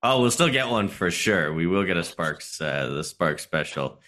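A man's voice: low-pitched, sing-song, normal speed, sharp tone. A man, a streamer guest on a podcast, chatting casually and explaining his views at length.

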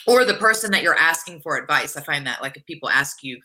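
Frank woman with a sharp bright voice. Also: deep voice, expressive, fast talker. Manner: frank, rambling with many fillers. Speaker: guest, wrestler. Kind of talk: casual interview chat.

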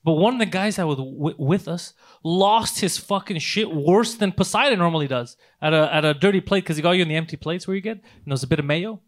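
Man, podcast host, fast storyteller, profane, animated, fairly high pitch. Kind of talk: casual storytelling chat.

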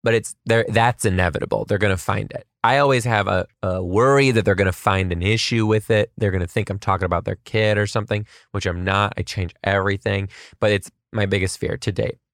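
A lowish, gravelly man spins funny tales from his kindergarten classroom, quick with self-mocking jokes and dramatic asides. His voice sits dry and close to the mic, with no room sound around it. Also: steady tone, a bit bright, no echo. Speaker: kindergarten teacher. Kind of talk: comedic storytelling vlog.

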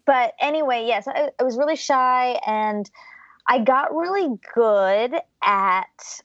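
A woman's voice: a little high, slow, fairly bright tone, dry recording, highs cut off. A woman from the US state of Georgia, a podcast guest, talking reflectively about her childhood and laughing often. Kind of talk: casual interview conversation.

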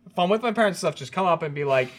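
Lively rambling male podcast host. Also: high-pitched, very fast. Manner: rambling storyteller, laughs often. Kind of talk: casual chat.

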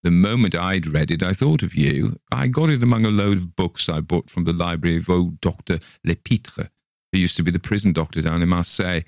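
A man voicing an eccentric, vague artist friend who hesitates and then warms up, with a very low gravelly voice. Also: fairly quick, dry recording, studio quality. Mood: satisfied.

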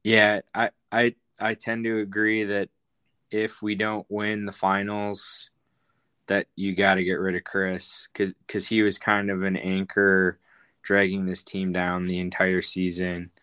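A man co-hosting a sports podcast, talking in a halting way with many fillers. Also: sits low, monotone, sharp tone, clear, resonant tone. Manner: hesitant, full of fillers. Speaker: podcast co-host. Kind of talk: sports talk chat.

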